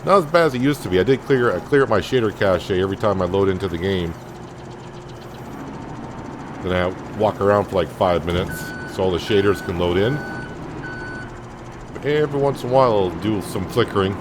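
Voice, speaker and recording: Male gaming host, lowish voice, easygoing let's-play commentary, faint game noise behind. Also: fairly quick, long pauses. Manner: relaxed, thinking aloud with many fillers.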